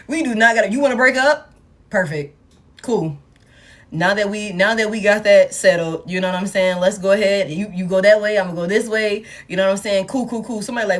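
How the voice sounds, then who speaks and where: A woman's voice: mid-range voice, fairly quick. A woman giving a casual, blunt and profane tarot reading to her viewers, laughing often. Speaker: tarot reader.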